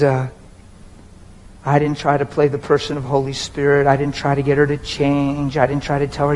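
A man's voice: fairly high pitch, slight background noise, poor audio. A man, a pastor, preaching a personal and emotional sermon in a conversational way, often talking straight to the crowd.

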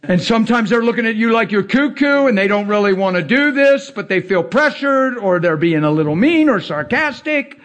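A male preacher delivering a casual, storytelling sermon, animated and slangy, often laughing as he talks. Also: high voice, normal speed, hardly any pauses.

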